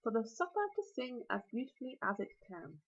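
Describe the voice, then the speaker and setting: A woman's voice: on the high side, big pitch swings, brisk. A woman with a British accent voicing a huge, smug male dragon who is grandly and cheerfully menacing, in a storybook reading. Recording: lo-fi recording.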